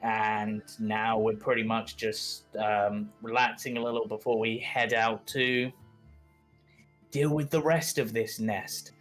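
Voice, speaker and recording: Low-voiced man recapping a game. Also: steady tone, takes it slowly, a bit bright, soft background music, low-quality recording. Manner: casual, hesitant with many ums. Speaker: player.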